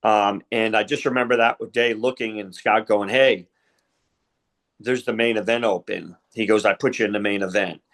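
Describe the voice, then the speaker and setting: This middle-aged wrestling referee has a fairly low pitch, a steady tone, a fairly bright sound and a normal speed. On a podcast, he tells stories in a casual interview, rambling and using many fillers while retelling conversations.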